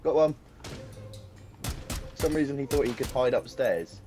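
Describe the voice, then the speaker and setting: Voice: mid-range voice, unhurried. A person in their twenties playing alongside the host, chatting casually and teasing with a giggle. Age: 20s. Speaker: co-player. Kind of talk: casual multiplayer gameplay chat. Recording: game music behind.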